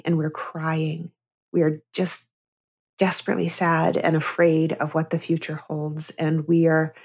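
A middle-aged woman with a lower-pitched voice speaks as an interview guest. Her storytelling is earnest and candid, moving from heavy memories toward easy laughter. She sounds like a therapist with a comedian's timing. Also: darkish tone. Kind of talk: heartfelt personal storytelling in a podcast interview.

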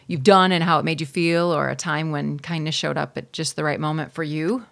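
Gravelly-voiced woman podcast host. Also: sits low, fairly even intonation, a little fast, fairly bright tone. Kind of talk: podcast interview.

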